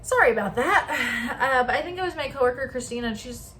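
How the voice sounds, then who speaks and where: A young woman with a slightly high voice chats casually to a close-up camera, wandering off on tangents and trailing off mid-thought. A faint hiss sits under the recording. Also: animated, brisk, a bit bright. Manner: chatty, rambling, trailing into asides. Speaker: vlogger. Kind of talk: casual chat while doing makeup. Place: home at night. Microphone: camera very close to her face.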